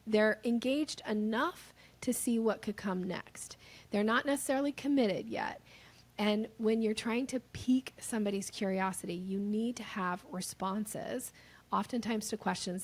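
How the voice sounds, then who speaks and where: A woman with an ordinary mid-range pitch and a noticeable gravelly texture guests on a podcast. She explains sales techniques in a chatty, animated way. She often slips into lively acted-out examples.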